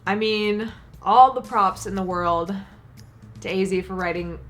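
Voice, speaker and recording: A woman's voice: fairly low pitch, fairly bright tone. A woman hosting a reaction video, talking casually and emotionally with lots of restarts. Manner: effusive, emotional, rambling with restarts.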